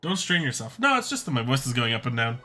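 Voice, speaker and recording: A young man chatting casually over a game playthrough, joking and poking fun at himself. His voice is bright and lively, and it swings freely in pitch. Faint game music plays behind him. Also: quick pace. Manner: joking, self-mocking. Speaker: let's-play host. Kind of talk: casual gaming commentary.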